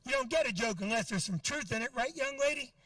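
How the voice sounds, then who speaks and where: A man's voice: very high voice, lively intonation, fast talker, bright, forceful tone, no room sound, far from the mic. A middle-aged man doing a stand-up set in a comedy club, brash and profane as he teases the crowd. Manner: brash, profane, teasing the audience.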